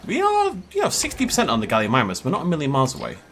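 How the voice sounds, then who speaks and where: A man's voice: mid-range voice, wildly swooping pitch, racing, a bit bright, a little hiss or hum. A man giving casual gameplay commentary as a YouTuber, chatty and joking, laughing often. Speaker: gaming YouTuber.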